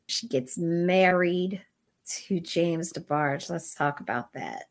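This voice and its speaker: A woman's voice: fairly low pitch, slow pace. A woman co-hosting a casual chat about a documentary, leading topics with wry joking asides. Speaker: podcast co-host.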